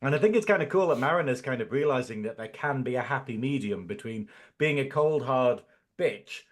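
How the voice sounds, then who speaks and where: Animated, jokey man. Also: medium pitch, brisk. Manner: jokey, animated, laughs often. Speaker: podcast co-host. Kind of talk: casual review chat.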